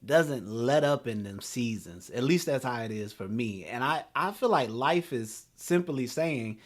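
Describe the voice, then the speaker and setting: Man, thirties, talk host, animated storyteller, chuckles between lines. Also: medium pitch, unhurried. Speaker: podcast host.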